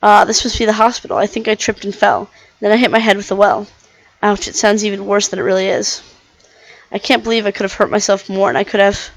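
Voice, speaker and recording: A woman's voice: mid-range voice, fairly even intonation, quick pace, gravelly, dry recording, low-quality recording. A woman voicing a lovesick young woman who wakes in a hospital, reading a visual novel aloud with small restarts. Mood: anxious.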